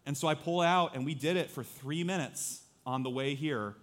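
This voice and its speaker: A pastor in his thirties preaching a conversational, animated sermon, acting out little quotes from his family and listeners. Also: fairly high pitch, normal speed.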